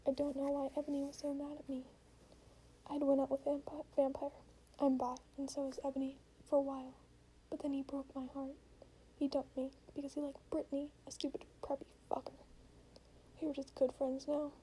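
A woman's voice: sits high, a little fast, a little hiss or hum, poor audio. Whispering young woman reading aloud. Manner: often whispering, deadpan asides. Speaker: reader. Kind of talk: mock-dramatic reading of fan fiction.

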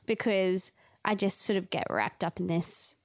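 A woman co-hosting a casual podcast chat, expressive and acting out her own thoughts in quotes. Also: on the low side, measured pace, no room sound, studio quality.

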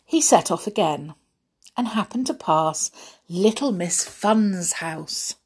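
A woman reading a children's book aloud in an expressive, gently playful way. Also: lowish voice, takes it slowly, husky. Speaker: storyteller.

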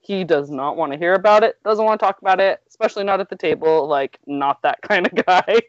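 Telling a story in casual chat, a woman in her thirties talks a little fast in a lowish voice, laughing through her words and filling them with "like." There's no echo; the recording is dull, lo-fi, and dry.

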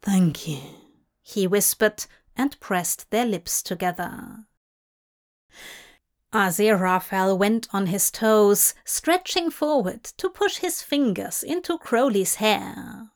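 A woman reading a story aloud in an unhurried, even narration. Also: medium pitch. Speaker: fanfiction reader. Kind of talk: audiobook narration.

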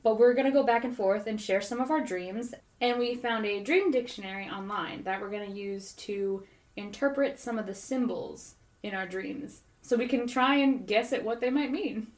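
A woman's voice: fairly high pitch, moderate pace. Rambling woman telling a dream, echoey. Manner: rambling, animated storytelling full of "like". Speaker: podcast co-host. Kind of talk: casual chat, telling a dream. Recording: roomy echoey recording.

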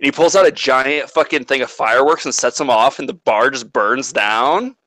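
A man's voice: mid-range voice, normal speed, pushed and bright, dry recording, rough recording. A man in casual chat, animatedly retelling a movie plot and swearing freely.

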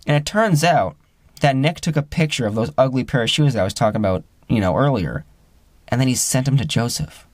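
Young man, casual storyteller, mid pitch, dry close sound, rambling with fillers, pitches up for quoted friends. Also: expressive, fairly quick, no echo. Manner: rambling, with many fillers and restarts.

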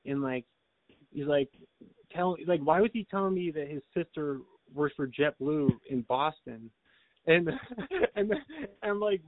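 A man chats on a podcast, winding through a story with constant restarts and chuckles. His voice sits a little high, and it comes through tinny and phone-like. The sound is dry, with no room around it. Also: big pitch swings, unhurried, no room sound. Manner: rambling storyteller, lots of likes and restarts, laughs often. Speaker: podcast co-host. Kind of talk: casual chat.

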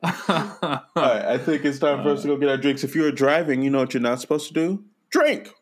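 A man's voice: medium pitch, brisk. A man co-hosting a casual podcast who banters, teases and jokes in slangy talk. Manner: teasing, joking, slangy. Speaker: podcast co-host. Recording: noisy podcast mic.

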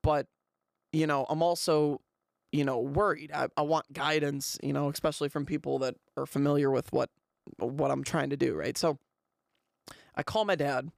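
A young man hosting a podcast, telling a rambling, animated story in a casual way. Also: fairly high pitch, normal speed, gravelly, dry recording, studio quality. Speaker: podcast host.

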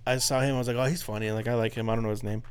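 A man's voice: medium pitch, fairly even intonation, racing, soft background music. A man co-hosting a casual podcast, telling stories in a rambling way, swearing and laughing. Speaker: podcast co-host. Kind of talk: casual chat.

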